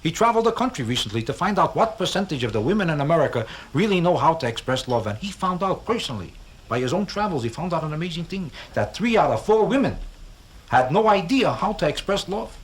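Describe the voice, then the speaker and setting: Man, stand-up comedian, rhetorical questions, self-mocking boasts, highish voice. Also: sing-song, fast talker. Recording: live club album with audience laughter and vintage background hiss. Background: audience laughter.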